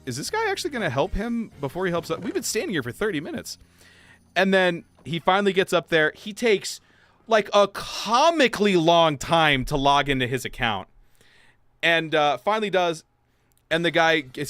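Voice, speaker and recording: A young man livestreaming, casually telling a story while gaming, acting out quotes in high voices. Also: fairly bright tone, no echo. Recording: faint game music behind.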